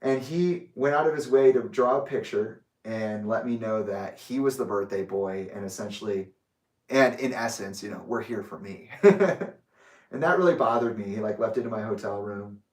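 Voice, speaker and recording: A man's voice: on the low side, moderate pace. Candid young man rambling in an echoey room. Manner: rambling and candid, with restarts and swearing. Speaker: vlogger. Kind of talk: personal reflective monologue. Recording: roomy echo, distant from the mic.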